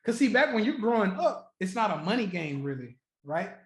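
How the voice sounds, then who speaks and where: A man hosting a trading livestream, chatting casually and profanely with viewers, joking, laughing often and repeating his points slowly. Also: sits high, big pitch swings. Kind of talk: casual live-stream chat with viewers. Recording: roomy echo.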